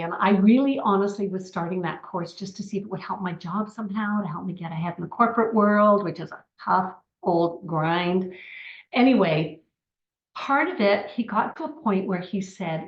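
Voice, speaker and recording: A woman's voice: mid-range voice, moderate pace. A woman in her sixties telling her personal story in a chatty way, with many asides and restarts. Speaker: network marketing distributor. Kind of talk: personal testimony talk. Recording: roomy, slightly dull recording.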